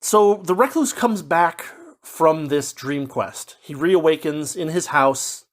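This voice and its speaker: A man giving a casual spoken book review, rambling with lots of fillers and restarts, now and then slipping into quick mock voices as he paraphrases. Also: fairly high pitch, expressive. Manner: puts on brief mock voices when paraphrasing.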